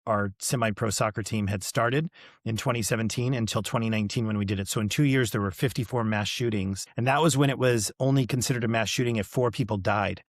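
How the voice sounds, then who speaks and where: Middle-aged male podcast host, low voice, loose storytelling full of fillers, dry close recording. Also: fast, no room sound. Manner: rambling, full of fillers and quoted dialogue. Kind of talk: casual chat.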